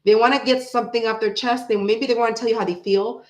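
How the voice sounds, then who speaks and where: A woman's voice: on the high side, fairly even intonation, fast. Echoey woman doing a tarot reading. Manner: repeats phrases, muses aloud while pulling cards. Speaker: tarot reader. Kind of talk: casual tarot card reading.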